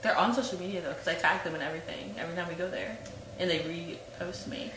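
A woman's voice: fairly low pitch, fast talker, reverberant, background noise. A woman co-hosting a casual chat podcast, teasing her friend and laughing often. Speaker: podcast co-host.

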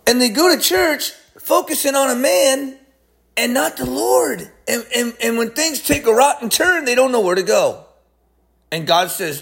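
A man preaching a sermon, emphatic, swinging between high excited lines and low hushed ones.

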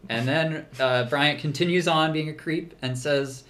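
A man's voice: fairly high pitch, measured pace, a bit bright. A man co-hosting a podcast, chatting casually through a show recap, laughing often and restarting his sentences with lots of fillers. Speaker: podcast co-host.

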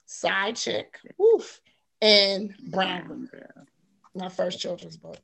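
Bright-voiced animated woman author. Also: medium pitch, extremely slow, gravelly, breathy edge. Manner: animated storyteller, laughs often, acts out quotes. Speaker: author guest. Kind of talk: casual interview chat.

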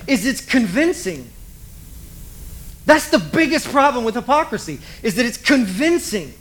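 A man's voice: very high-pitched, sing-song, normal speed, rough recording. A man preaching a sermon as a pastor, talking animatedly and acting out little asides.

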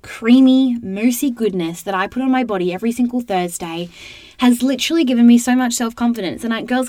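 A woman's voice: medium pitch, no echo. A young woman hosting a podcast, talking in a chatty, upbeat, motivational way. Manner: chatty and upbeat, full of "like" and "you know". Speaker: podcast host. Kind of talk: casual motivational podcast monologue.

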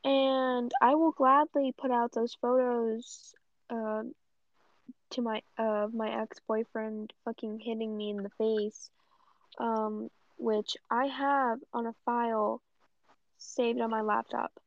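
Slow and flat, a slightly high-pitched young woman rambles through a foul-mouthed, blunt vlog rant packed with tangents. It's captured in dry, dull lo-fi sound with no sense of a room.

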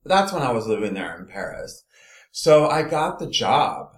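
A man from Los Angeles, a guest in an interview, telling his career story in an animated, meandering way. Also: medium pitch, normal speed, roomy sound. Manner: animated storytelling, trailing off and restarting. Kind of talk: casual conversational interview.

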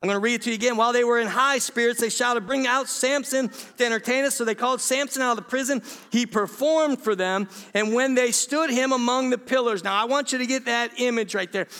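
Male preacher with a high-pitched voice, delivering an emphatic, congregation-addressing sermon in a church. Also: a bit bright. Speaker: pastor. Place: church sanctuary.

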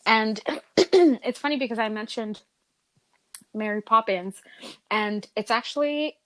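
A woman's voice: on the high side, takes it slowly. A woman co-hosting a podcast, wry and self-deprecating in casual chat. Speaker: podcast co-host.

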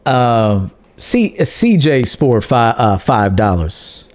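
A man's voice: mid-range voice, big pitch swings, takes it slowly, darkish tone. A man hosting a livestream dating-advice show in a brash, profane, joking manner, reading out viewer donations. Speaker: podcast host and dating coach. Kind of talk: casual livestream monologue.

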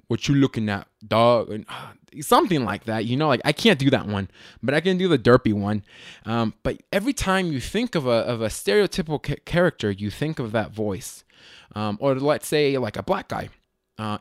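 A man hosting his own podcast in a loose, rambling way, correcting himself often and filling pauses with ums. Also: mid-range voice, dry recording, clean studio sound. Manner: rambling, self-correcting, lots of fillers. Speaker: podcast host. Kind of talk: casual solo podcast chat.

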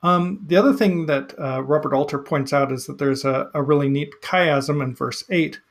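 A man who reads a psalm aloud, then talks it through in a relaxed, hesitant way with many fillers. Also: a little high, moderate pace, creaky. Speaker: podcast host reading psalms. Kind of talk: scripture reading and casual commentary.

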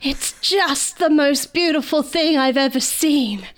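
A woman's voice: high voice, takes it slowly. Gerald, a woman doing a gushing gadget lover. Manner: gushing, flustered. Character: starry-eyed gadget-obsessed male tinkerer.

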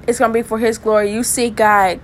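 A woman's voice: a little high, little pitch movement, fairly quick, slight background noise. A woman hosting a podcast, preaching and praying fervently, repeating phrases with emotion. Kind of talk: impassioned spoken sermon and prayer.

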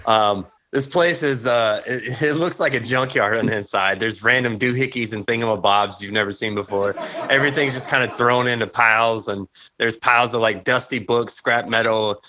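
A man narrating a tabletop game as game master, casual and halting. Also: medium pitch, pushed and bright.

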